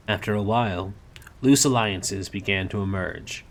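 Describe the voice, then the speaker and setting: A man casually reading a novel aloud on a stream, relaxed and sometimes correcting himself. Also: lowish voice, moderate pace. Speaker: story reader.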